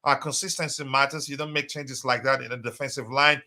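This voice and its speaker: A man's voice: medium pitch, fairly even intonation, fairly quick, pushed and bright. A man hosting a casual live stream, talking loosely with many fillers and reading out viewers' messages. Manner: hesitant, many fillers, reads chat aloud.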